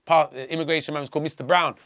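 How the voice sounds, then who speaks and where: A man, a podcast guest, telling his story in casual, profane, animated talk and acting out what others said. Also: a little high, rapid-fire, no echo. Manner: profane, animated, acts out quoted dialogue.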